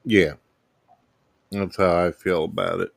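A man's voice: low voice, fairly even intonation, takes it slowly, gravelly. A man hosting a casual talk show, blunt and plain-spoken as he chats with a guest. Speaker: host. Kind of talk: casual chat.

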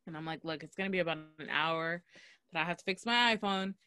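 A woman's voice: lowish voice, quick pace, smooth, dry recording, clean studio sound. Chatty woman telling a funny story. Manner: animated, laughing, acts out quotes. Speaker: podcast co-host. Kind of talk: casual storytelling chat. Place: Los Angeles.

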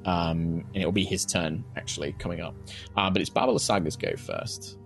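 A man's voice: sits low, moderate pace, creaky, faint music behind. A man running a tabletop game as game master, narrating and explaining rules with plenty of fillers. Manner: relaxed, descriptive, with frequent fillers.

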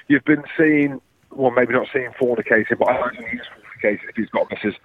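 A man's voice: mid-range voice, fast talker. Rambling Englishman on a muffled phone line. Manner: rambling, excitable, swears freely. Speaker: podcast co-host calling in by phone. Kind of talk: casual banter.

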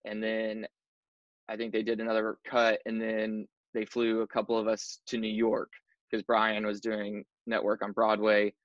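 A man's voice: fairly low pitch, monotone, a little slow, dry recording. A young man, an actor, chatting casually about his career, easygoing and full of "like" and "dude". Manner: easygoing, says "like" and "dude" a lot. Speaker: actor guest. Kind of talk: casual interview chat. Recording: dull lo-fi dry recording.

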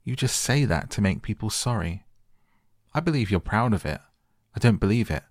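A man's voice: fairly low pitch, lively intonation, moderate pace, dry recording, studio quality, pitched above the performer's own voice. A man voicing a sour, stubborn little girl who snaps out fierce retorts.

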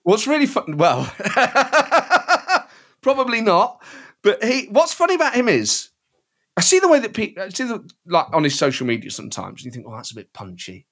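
Animated male satirist, lively pitch. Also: moderate pace. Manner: animated, storytelling, slips into impressions. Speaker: guest, satirist and impressionist. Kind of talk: casual podcast chat.

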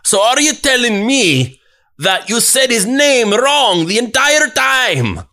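A man voicing an incredulous Scottish male TV interviewer, asking drawn-out questions in disbelief. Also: extremely high pitch, sing-song, bright, forceful tone, voice pushed up, heavily acted. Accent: put-on Scottish.

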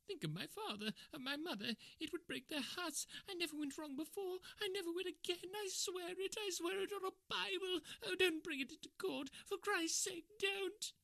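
A man's voice: extremely high pitch, moderate pace, few pauses, sharp tone, no room sound, voice pushed up, exaggerated voice. A man voicing a frightened young male thief with a crackling voice, pleading and cringing in an audiobook. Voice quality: crackling, gravelly voice. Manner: pleading, shrieking at times. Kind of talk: audiobook character reading.

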